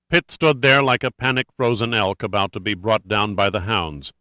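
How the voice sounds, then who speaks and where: A man reading a thriller aloud as narrator in a steady, measured way. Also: fairly low pitch, no echo. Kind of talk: scripted audiobook narration.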